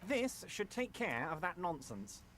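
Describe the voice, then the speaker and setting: A man voicing a large, smooth-talking union boss in a game, oily and ingratiating. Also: sits high, sing-song, a little slow, a bit bright, a little hiss or hum, heavily acted. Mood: smug. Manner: oily, ingratiating, mock-friendly. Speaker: game character. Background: game music.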